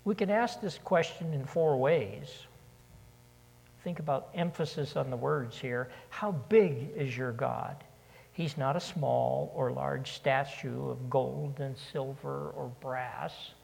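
A preacher gives an earnest sermon in a slow, unhurried delivery, repeating key questions to drive them home. The voice is husky with a gravelly edge. It rings out with the long reverb of a large church sanctuary. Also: medium pitch, a little mellow.

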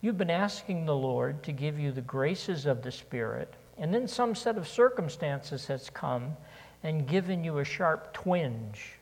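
A preacher gives an earnest sermon in a slow, unhurried delivery, repeating key questions to drive them home. The voice is husky with a gravelly edge. It rings out with the long reverb of a large church sanctuary. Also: mid-range voice, lively intonation, darkish tone.

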